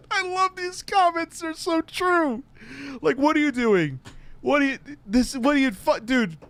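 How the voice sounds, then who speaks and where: A man's voice: extremely high pitch, animated, takes it slowly, fairly bright tone, no echo. A man giving a mocking, incredulous commentary rant, laughing often and swearing freely. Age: adult, his own peer group. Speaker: commentary host. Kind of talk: ranting commentary.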